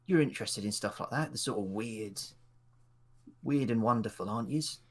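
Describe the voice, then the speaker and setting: A man's voice: fairly low pitch, normal speed, lightly acted. A man doing a shifty dockside informant. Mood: conspiratorial. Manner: conspiratorial, folksy. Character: shifty male informant, wheedling dockside gossip.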